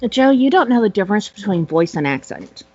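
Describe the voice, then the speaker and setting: A woman's voice: medium pitch, sing-song, fairly quick, a little mellow, no room sound. A woman co-hosting a podcast in casual chat, blunt and exasperated with the others. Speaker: podcast co-host. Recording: dull, dry lo-fi audio.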